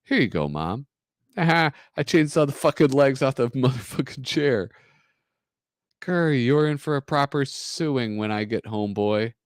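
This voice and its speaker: A man's voice: mid-range voice, animated, measured pace, voice pushed up, lightly acted. A man reading aloud and voicing a brash, foul-mouthed young male comic-strip troublemaker, crude and gleeful.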